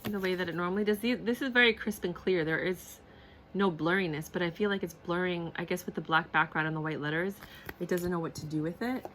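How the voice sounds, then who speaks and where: A woman's voice: lowish voice, fairly even intonation, fast talker, fairly bright tone, slight background noise. A woman reviewing a card deck on camera in a casual, gushing way, repeating herself and laughing often. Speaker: tarot and oracle deck reviewer.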